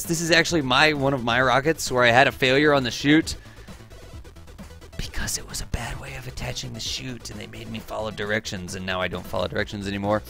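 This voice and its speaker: Male streamer in his 30s, upbeat and talkative, slightly high pitch, faint music underneath. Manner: chatty, excitable, reads chat aloud, laughs often. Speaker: livestream game host and teacher. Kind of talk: live gameplay streaming chat.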